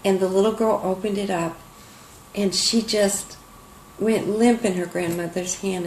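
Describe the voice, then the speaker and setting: A woman's voice: medium pitch, steady tone, measured pace, darkish tone, echoey room, slight background noise, poor audio. An older woman art teacher telling a heartfelt, emotional story to her students in an online lesson.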